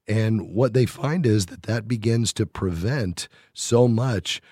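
A man with a scratchy, hoarse voice hosting a faith-based money radio show, earnestly appealing for donations with frequent pauses. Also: fairly low pitch, mellow, no room sound, studio quality.

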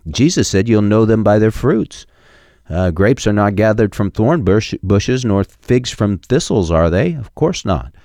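Middle-aged male preacher, deep voice, emphatic, cites scripture with chapter and verse, dry close sound. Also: lively intonation, a little slow, mellow, dry recording. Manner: emphatic preaching, rising sharply on key points. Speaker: pastor. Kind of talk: sermon.

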